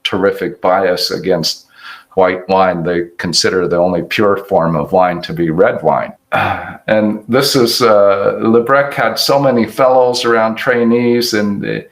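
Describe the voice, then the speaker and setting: An older man delivers an academic lecture in a low, gravelly voice. He speaks slowly and reflectively, pausing and restarting as he works through his slides. His tone stays unhurried throughout. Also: low-quality recording. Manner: halting, reflective, many restarts. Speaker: hepatologist giving award lecture.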